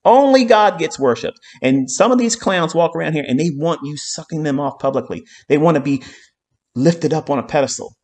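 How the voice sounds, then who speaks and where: A man's voice: a little high, fairly quick, darkish tone. A man lecturing on trading in a heated live-stream rant. He swears constantly, repeats his lines for emphasis and keeps checking in with an insistent "okay?". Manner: heated, profanity-laden ranting with repeated phrases; emphatic, hammering points with "okay?".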